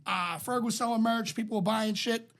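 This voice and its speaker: A raspy-voiced man, a podcast co-host telling profane, rambling stories in casual chat. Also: sits high, steady tone, normal speed, fairly bright tone. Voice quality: raspy, smoker-sounding voice. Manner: profane, rambling anecdotes with many restarts.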